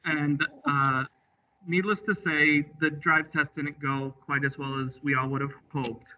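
A man's voice: fairly high pitch, level tone, measured pace. A man who works as a drive examiner, telling stories from the job in an easygoing way and quoting what people said. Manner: easygoing, recounts with quoted dialogue. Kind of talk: storytelling in an interview. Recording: slightly distant, muffled audio.

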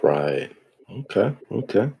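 A man's voice: fairly low pitch, sing-song, takes it slowly, creaky, warm tone, breathy edge. A man hosting an interview podcast, asking open questions and giving short affirmations. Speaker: podcast host.

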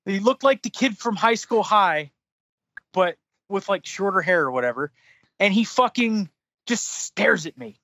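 Recounting an aggravating episode on his podcast, this man grows heated, cursing a lot in an animated, casual retelling. He speaks unhurriedly in a high, gravelly voice, recorded without echo.

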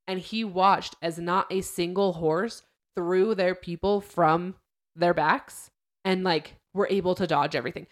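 A young woman chats casually as a podcast host, with a fairly low voice. She retells events in a loose, lively way and acts out what people said. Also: measured pace. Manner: chatty storyteller, acts out quotes.

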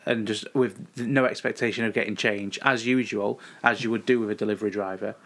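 A man's voice: lowish voice, steady tone, a little fast, a bit bright. A man, co-hosting a casual chat and telling anecdotes in a laid-back, dryly funny way. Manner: laid-back, dry humour, tells anecdotes. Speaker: podcast co-host.

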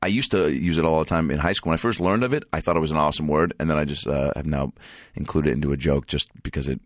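A man guesting on a podcast, animated and casual, swearing and saying "dude" a lot as he tells stories. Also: fast talker, no room sound, clean studio sound. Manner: animated storyteller, acts out dialogue in high voices. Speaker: comedian guest.

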